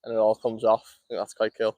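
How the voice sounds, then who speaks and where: A man's voice: fairly low pitch, monotone, mellow, no room sound. Chatty Scouse man fishing in the cold. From Liverpool, England. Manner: fast, chatty, laughs often. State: cold, shivering. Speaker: fishing streamer. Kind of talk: casual live-stream chat while fishing. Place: outdoors by a lake.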